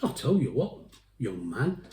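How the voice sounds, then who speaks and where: A man voicing an elderly queen in a told joke, prim, polite and gently formal. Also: mid-range voice, very animated, a little slow, roomy sound, a little hiss or hum, pitched below the performer's own voice. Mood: gracious. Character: the Queen, an elderly gracious woman.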